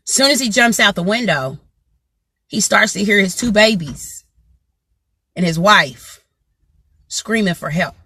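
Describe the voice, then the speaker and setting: Bright, chatty woman vlogger. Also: medium pitch, expressive, measured pace, pauses often, breathy edge, dry recording. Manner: chatty, greets viewers by name mid-story; frequent "you know what I'm saying" asides. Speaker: motivational vlogger. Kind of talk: casual storytelling to live viewers.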